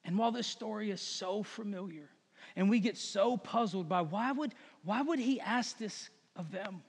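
Pastor, male, high voice, earnest and emphatic sermon delivery with long hall reverb. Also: moderate pace, breathy edge. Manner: earnest, emphatic preaching with repeated phrases.

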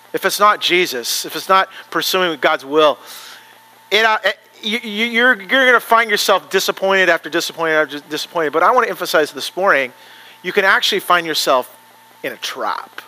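Bright-voiced, high-pitched preacher man. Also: low-quality recording. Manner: earnest, conversational storytelling with animated asides. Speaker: pastor. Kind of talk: sermon with closing prayer. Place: church sanctuary.

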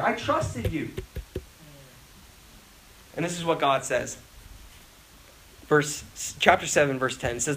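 Brief: young male youth pastor, high-pitched, very animated sermon delivery, faint hiss. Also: unhurried, long pauses, low-quality recording. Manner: animated, acts out prayers and voices with laughs.

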